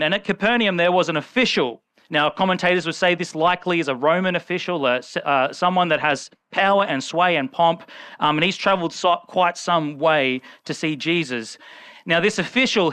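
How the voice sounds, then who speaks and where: A man preaches with a bright, clear voice pitched a little high for a man. He talks loosely and conversationally, acting out the people in his story. The sound is close and dry. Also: no room sound. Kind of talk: sermon.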